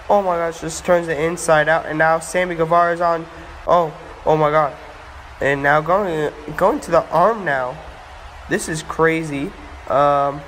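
Man, high voice, toy wrestling commentator, breathless, shouty, echoey room, faint background hiss. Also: steady tone, unhurried. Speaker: play-by-play commentator. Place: home room with echo.

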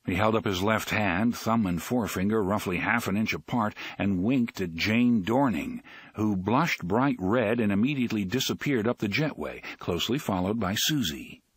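Husky, expressive male audiobook narrator. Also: fairly low pitch, moderate pace, no room sound. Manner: expressive, dramatic reading.

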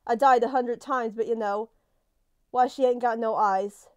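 A woman's voice: fairly high pitch, steady tone, measured pace, darkish tone, smooth, highs cut off. A woman giving live gameplay commentary. She is jumpy, swears a lot and talks back to the game characters. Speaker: let's play gamer.

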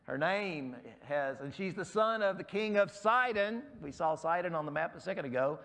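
A man preaching a sermon as pastor in a church, emphatic and rising sharply on key words, his voice going hoarse. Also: sits high, lively intonation, normal speed, fairly bright tone. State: losing his voice.

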